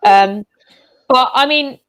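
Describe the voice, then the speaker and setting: A woman's voice: high voice, takes it slowly, a bit bright. A woman hosting a casual online football chat from home over a video call, rambling with lots of fillers and restarts. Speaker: show host.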